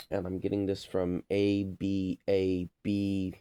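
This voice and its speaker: A man's voice: low-pitched, completely flat delivery, slow, few pauses, mellow, smooth, no echo. A man talking in a rambling, playful monologue, full of fillers and trying out silly mock accents. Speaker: vlogger.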